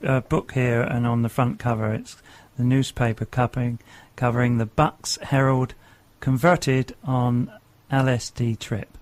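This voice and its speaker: Man, radio host, mid-pitched voice, encouraging, asks prompting questions. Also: steady tone, unhurried, few pauses. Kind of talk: radio interview.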